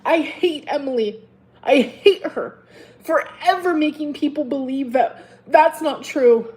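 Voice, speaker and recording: Angry woman ranting to camera, swears a lot, gets loud then drops low, kinda high voice. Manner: heated, profane, swings between loud outbursts and low mutters. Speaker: vlogger.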